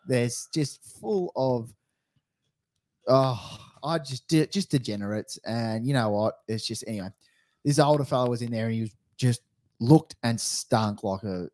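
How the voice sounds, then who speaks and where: A man's voice: mid-range voice, dry recording, clean studio sound. A man with an Australian accent, co-hosting a podcast, telling a funny anecdote with slang and laughter. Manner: laughing, lively storytelling with slang. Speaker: podcast co-host. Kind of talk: casual banter, telling an anecdote.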